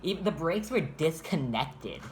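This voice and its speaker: An ordinary mid-pitched speaker rambles through a personal story, swearing freely and restarting sentences as the thoughts tumble out. It sounds like an unscripted storytime chat between partners, with a faint hiss of noise underneath. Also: big pitch swings, measured pace, darkish tone. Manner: rambling, profane, restarts often. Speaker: storyteller vlogger.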